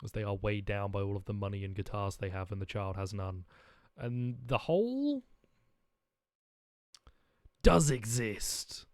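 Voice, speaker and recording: A man's voice: fairly low pitch, animated, measured pace, pauses often, no room sound. A man streaming a video game, rambling and joking with his chat as he plays. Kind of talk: let's-play commentary.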